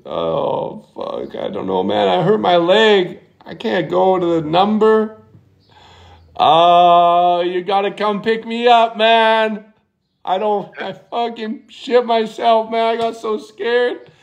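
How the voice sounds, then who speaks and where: A man's voice: sits high, slow pace, gravelly, muffled recording, exaggerated voice. A man putting on a panicking truck driver during a prank call, frantic and swearing, pleading into the phone. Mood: panicked. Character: panicking male truck driver who crashed.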